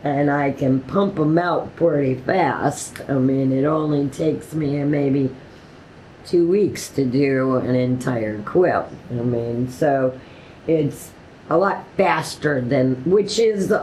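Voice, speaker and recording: A woman casually telling a personal story, quoting others with animated voices and laughing often, with many "like" fillers. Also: very deep voice, slow pace, echoey room, slight background noise, low-quality recording. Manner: animated retelling with quoted dialogue and laughter; frequent "like" fillers.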